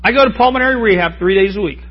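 A man's voice: high voice, racing, breathy edge, highs cut off, soft background music. A man preaching a sermon in a folksy, joking way, often calling out to the congregation for an amen. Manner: folksy, joking, asks the crowd for amens.

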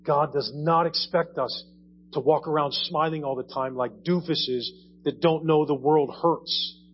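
A man's voice: on the high side, fairly even intonation, measured pace. A man preaching a sermon in a conversational way, repeating phrases and rising in emphasis. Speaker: pastor. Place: church. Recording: dull audio with faint hum.

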